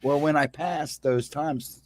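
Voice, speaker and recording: A man's voice: fairly high pitch, fairly even intonation, slow, no room sound. Laid-back man telling his story, dry sound. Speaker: guest. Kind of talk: casual storytelling on a livestream.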